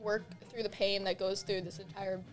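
A woman's voice: mid-range voice, level tone, moderate pace, soft background music. A woman on a casual podcast describing a comic she likes, giggling between phrases. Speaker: podcast co-host.

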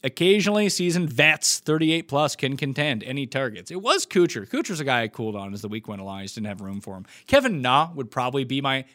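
A man's voice: medium pitch, bright, forceful tone. A man from Nova Scotia hosting a live stream, talking in a blunt, joking, rambling way. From Nova Scotia, Canada. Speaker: host. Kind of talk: casual live-stream chat.

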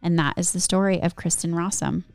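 A woman tells a true-crime story on a podcast, settling into steady narration between bouts of banter. Her voice sits a little low and comes across smooth and clear. The recording is close and dry. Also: a little fast, no echo, faint music behind. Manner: giggly, chatty banter between story segments.

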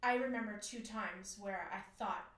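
A woman's voice: medium pitch, normal speed, roomy sound, distant mic. A woman telling a personal story in casual conversation, acting out quotes in a raised voice. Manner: animated, acts out quoted lines in a raised voice. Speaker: guest sharing her story.

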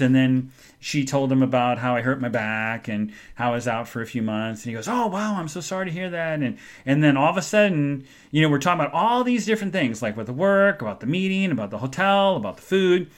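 A middle-aged podcast host rambles through a personal story, full of restarts and halting, trailing phrases. His ordinary middle-pitched voice turns soft and subdued with emotion when he talks about his mother.

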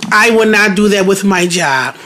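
A woman's voice: mid-range voice, animated, normal speed, a bit bright, a little hiss or hum. A woman co-hosting a casual podcast chat, talking in a blunt, teasing, laughing way. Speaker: podcast co-host.

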